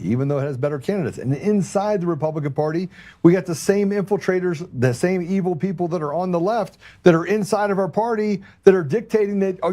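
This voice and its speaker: A man's voice: medium pitch, warm tone. A man hosting a political talk show, casual and rambling, often sarcastic, repeating his words as he goes. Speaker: podcast host.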